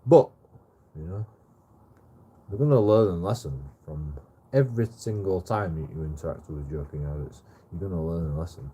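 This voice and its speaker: A man's voice: low-pitched, moderate pace, mellow, slightly rough. A man telling a rambling story on a livestream, swearing heavily and repeating himself.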